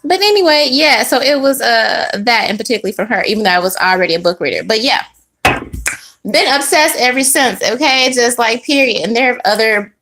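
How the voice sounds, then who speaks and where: A woman's voice: on the high side, lively intonation, fairly quick, fairly bright tone. A woman giving a casual tarot reading to her channel, sassy and chatty, full of slang, asides and laughs. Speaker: tarot reader.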